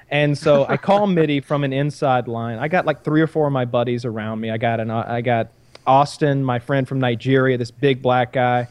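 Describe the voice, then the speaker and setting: A man's voice: medium pitch, moderate pace, clear, resonant tone, dry recording. A man telling a long story in casual chat, profane and rambling. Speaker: podcast storyteller.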